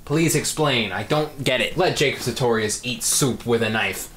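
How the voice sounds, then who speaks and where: A young man in his late teens talks through a reaction video in a voice of middling pitch. His delivery is dry and sarcastic, full of self-mocking asides. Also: moderate pace, a bit bright, a little hiss or hum. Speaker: video creator. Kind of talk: reaction commentary.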